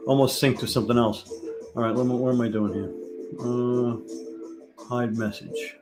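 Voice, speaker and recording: A man's voice: mid-range voice, steady tone, normal speed, over music, poor audio. A man hosting a live-stream trivia game, chatting casually and reading out viewers' answers as they come in. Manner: chatty, thinks aloud, reads out viewer answers. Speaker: livestream trivia host.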